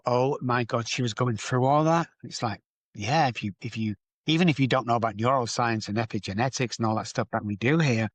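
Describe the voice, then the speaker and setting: A man as a podcast guest, speaking candidly and emphatically about addiction, repeating phrases for stress. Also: dry recording. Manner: emphatic, repetitive, rises in pitch for stress. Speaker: guest, addiction recovery doctor. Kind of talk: candid interview storytelling.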